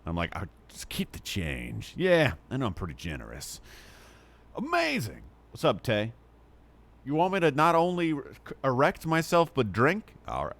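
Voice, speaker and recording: A man's voice: medium pitch, very animated, moderate pace, a bit bright. Sleepy, rambling male game streamer. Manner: rambling, talks to chat, many fillers. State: sleepy, yawning. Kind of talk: casual live gameplay chat.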